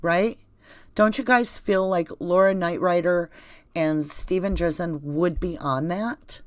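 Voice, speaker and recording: A woman's voice: on the low side, slow, no room sound. A woman with a Southern US accent, chatting casually on a livestream and talking straight to her viewers. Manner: rambling, conversational, addresses viewers directly. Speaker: channel host reading live chat.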